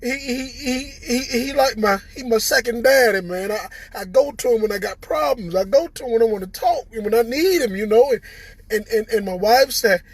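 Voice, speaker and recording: Tearful Southern man, voice cracking high. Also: slightly rough. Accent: Southern American. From Southern United States. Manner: halting, repeats words, stammering. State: tearful, voice breaking. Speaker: recovered patient addressing viewers. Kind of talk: emotional personal testimony.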